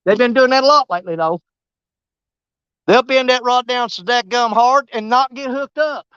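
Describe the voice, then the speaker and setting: A man's voice: extremely high pitch, moderate pace, pushed and bright, clean tone, dry recording, muffled recording. A man hosting a fishing livestream outdoors. He rambles casually to his viewers and teases the fish. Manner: rambling, teasing, talks to the fish. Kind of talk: casual live-stream chat. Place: outdoors on a riverbank.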